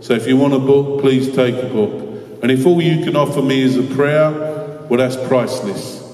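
An earnest man speaking at mid pitch, telling stories to a school assembly with a joking edge. His voice reaches the mic from a distance and rings through a large hall with a long reverb. The sound is roomy and diffuse. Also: fairly quick, a little mellow. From London, England. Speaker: guest speaker. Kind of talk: inspirational talk with storytelling. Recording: echoey hall from far off.

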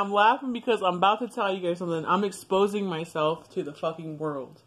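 A young woman talks straight to her viewers in a casual storytime vlog, blunt and full of swearing. Her voice sits a little low, and she breaks into laughter often as she goes. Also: brisk, hardly any pauses, husky. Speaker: vlogger.

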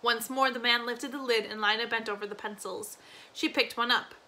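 A woman teacher reading a novel chapter aloud expressively, slowing on key phrases with a few small slips. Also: fairly high pitch, fairly even intonation, pushed and bright.

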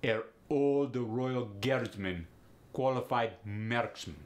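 A man putting on a heavy Russian accent, repeating words and phrases slowly and deliberately. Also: mid-range voice, close to an everyday voice. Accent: put-on Russian accent. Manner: slow, deliberate, clipped repetition of words.

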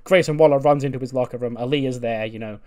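A man casually recapping a wrestling simulation game, chatty and amused, often laughing and quickly retelling scenes. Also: medium pitch, a little mellow. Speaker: video game let's player. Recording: faint background music.

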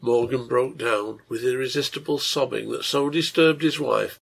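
A man narrating his own translation of a nineteenth-century serial novel in a measured, earnest storytelling manner. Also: mid-range voice, fairly even intonation, gravelly, fairly bright tone, breathy edge.

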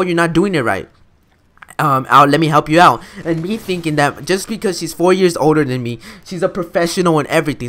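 Young guy vlogging a storytime, slangy, kinda high voice, keeps saying dude. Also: fairly bright tone. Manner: casual, slangy, addresses viewers as guys and dude. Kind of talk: storytime vlog.

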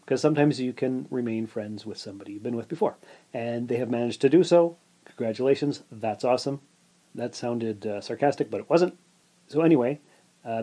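A man's voice: mid-range voice, dark tone. A man hosting his own podcast, casually telling a rambling story full of asides and filler words. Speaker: podcast host.

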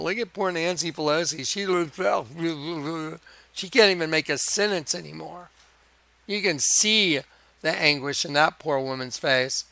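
Male video preacher, crisp clear tone, excitable rambling monologue, dry close recording. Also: a little high, dry recording. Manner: excitable, emphatic, chuckling. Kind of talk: rambling religious monologue over images.

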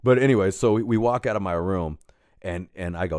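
A man co-hosting a podcast, telling a story in casual, profane chat and shouting as he acts out the scenes. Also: sits low, fairly quick, no echo, studio quality. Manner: animated, profane, shouts when acting out scenes. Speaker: podcast co-host.

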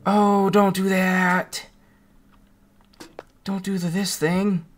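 A man's voice: high voice, level tone, very slow. A man commenting on his own horror game playthrough, jumpy and panicky, swearing and muttering to himself. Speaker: gaming YouTuber.

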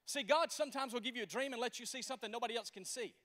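A pastor, preaching a sermon in an animated, folksy storytelling manner. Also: male voice, very high voice, racing, long reverb tail.

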